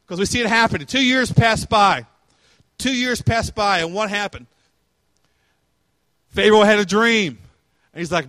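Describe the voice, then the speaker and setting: Man preaching, high voice, chatty, asks the crowd stuff, dry close sound. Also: lively intonation, normal speed, long pauses, a bit bright, no echo. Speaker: pastor. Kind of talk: sermon.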